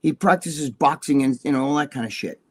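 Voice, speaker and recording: A man's voice: mid-range voice, fairly quick, a little mellow, slightly rough. An older man with a New Jersey accent, co-hosting a casual live show, telling rambling, profane stories. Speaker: co-host. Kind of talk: casual livestream chat.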